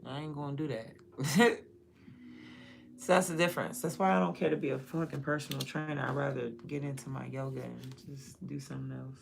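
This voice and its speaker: Young woman on a livestream, low gravelly voice, just rambling blunt and cussing. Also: fairly even intonation, a little fast, slight background noise. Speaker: livestream host. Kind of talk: casual livestream chat.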